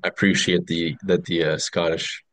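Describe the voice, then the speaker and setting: A man as a podcast guest, chatting casually, asking curious questions and telling stories in an animated way. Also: sits low, normal speed, dry recording. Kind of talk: casual chat.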